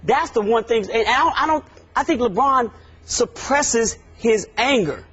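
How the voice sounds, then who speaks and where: Sports debate co-host, male, husky high voice, emphatic, dull lo-fi audio. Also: a little slow. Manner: animated, emphatic, repeats phrases.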